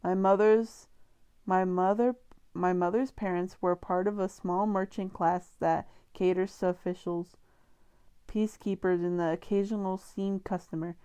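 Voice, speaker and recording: A woman's voice: lowish voice, steady tone, a little slow, warm tone, clear, resonant tone. A woman reading a novel aloud for her channel, casual and stumbling over words now and then. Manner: joking, slangy asides. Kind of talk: casual read-aloud with chat breaks.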